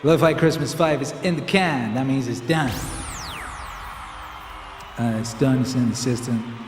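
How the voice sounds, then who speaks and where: A man with an ordinary, mid-pitched voice chats loosely through a livestream, rambling, joking and reading out viewer comments. He talks into a stand microphone in a home studio, with music playing behind him. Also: a little slow, reverberant, in a large hall. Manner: loose, rambling and jokey, with playful asides. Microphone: microphone on a stand in front of him.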